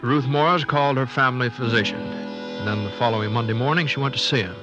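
A man's voice: medium pitch, fast. A man hosting a 1950s educational film, asking curious, folksy questions and narrating. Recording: dull lo-fi old film soundtrack with music.

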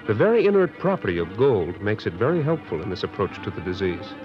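A man's voice: on the low side, big pitch swings, fast talker. A man explaining laboratory work formally in a 1950s educational film. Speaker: lab scientist explaining equipment. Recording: dull lo-fi old film soundtrack with music.

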